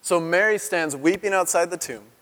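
Animated male pastor in a reverberant hall. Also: sits high, moderate pace. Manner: animated storytelling, acts out quotes with raised voice. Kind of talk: sermon.

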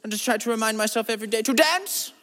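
A comedy podcast host, a man with a high-sitting, fairly bright voice and a quick pace, performs an absurd comic monologue in character. He plays a rambling, self-absorbed eccentric who drawls and meanders before suddenly turning crude, all under a long, reverberant echo.

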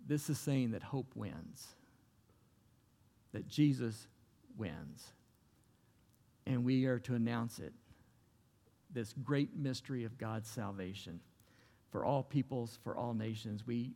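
Male pastor, gravelly voice, conversational sermon, hall reverb. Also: mid-range voice, lively intonation, slow pace, long pauses, mellow. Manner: earnest, conversational preaching with repeated phrases.

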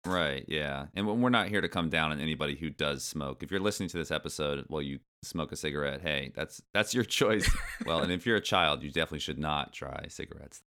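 A man with a very deep, low voice hosts a casual podcast. He talks in a chatty, easygoing way and slips ironic asides into what he reads. He laughs often. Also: quick pace, few pauses, sharp tone, clear, resonant tone. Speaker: podcast host.

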